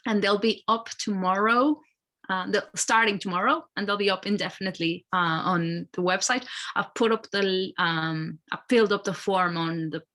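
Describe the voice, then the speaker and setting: A woman's voice: mid-range voice, normal speed, fairly bright tone. A woman from Mexico, a guest artist talking in a friendly, hesitant way on a video call. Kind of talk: casual interview.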